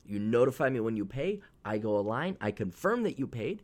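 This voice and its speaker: A man's voice: medium pitch, sing-song, brisk, darkish tone. A man hosting a casual solo podcast, talking in a blunt, profane, sarcastic way, rambling with fillers. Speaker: podcast host.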